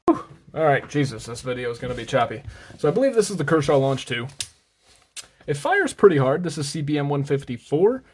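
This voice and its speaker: A man's voice: on the high side, very animated, brisk, slight background noise. A man hosting a casual show-and-tell vlog, chatty and rambling, often correcting himself, slightly out of breath. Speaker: host of a knife and gear channel.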